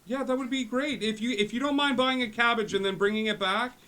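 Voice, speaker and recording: A man voicing a doting, fussy father who talks loudly and repeats himself over a magic stone. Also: very high-pitched, fairly even intonation, a little fast, pitched above the performer's own voice. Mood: fussy eager. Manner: loud, eager, repeats himself.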